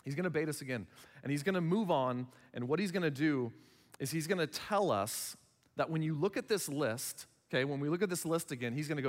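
A man's voice: a little high, lively intonation, a little fast, big-room sound. A man in his thirties preaching a sermon as pastor, conversational, acting out little dialogues. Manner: conversational, acts out little dialogues in other voices.

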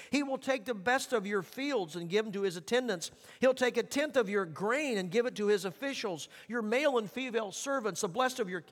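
A man preaching a sermon as pastor, earnest, slowing down to read scripture and repeating words for emphasis. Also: high-pitched, a bit bright. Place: church sanctuary. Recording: long reverb of a church hall.

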